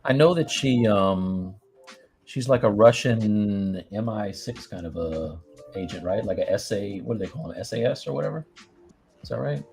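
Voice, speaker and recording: Casting note: male co-host, casual chat, rambling and animated, faint music underneath. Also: fairly low pitch, normal speed, vocal fry. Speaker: co-host of a 3D art live stream. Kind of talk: casual chat while sculpting.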